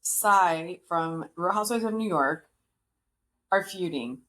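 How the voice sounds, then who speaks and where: A woman's voice: on the low side, lively intonation, slow pace, a bit bright. A woman hosting a podcast, chatting casually and gossiping about reality TV with frequent laughs. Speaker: podcast host.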